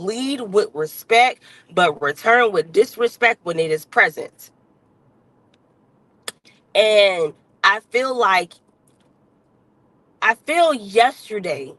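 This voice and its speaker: A woman's voice: mid-range voice, fairly bright tone, no echo, poor audio. Fired-up woman ranting bluntly on a livestream. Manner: blunt, heavy cursing, emphatic repetition. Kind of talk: unscripted livestream rant.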